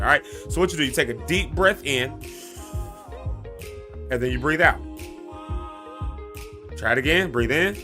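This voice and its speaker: A man's voice: a little high, expressive, unhurried, pauses often, music in the background. A man with a Southern US accent hosting a live morning stream, chatting loosely with viewers, laughing often and calling them y'all. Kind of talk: casual live-stream chat with breathing tips.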